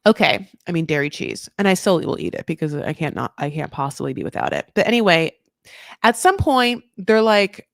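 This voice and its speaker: A woman's voice: fairly low pitch, brisk, gravelly, no room sound, clean studio sound. Chatty sarcastic woman recapping TV. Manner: rambling, sarcastic, animated asides. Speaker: recap host.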